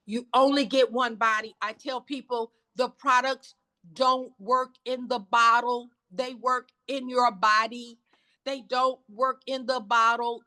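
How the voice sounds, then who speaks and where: A woman's voice: on the high side, bright, forceful tone. A middle-aged woman giving an emphatic, repetitive, preacher-like sales training talk on a video call.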